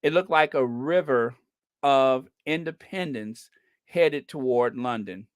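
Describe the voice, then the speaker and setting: An unhurried, chatty livestream host from the US who lets each thought run on and giggles at their own jokes. The sound is dry and close, with no room around it. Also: mid-range voice, no echo. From United States. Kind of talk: casual livestream chat.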